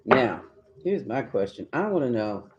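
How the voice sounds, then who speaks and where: A man's voice: mid-range voice, sing-song, normal speed, muffled recording, background noise. A man doing a live tarot reading, chatty and emphatic, talking straight to his viewers. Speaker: tarot reader.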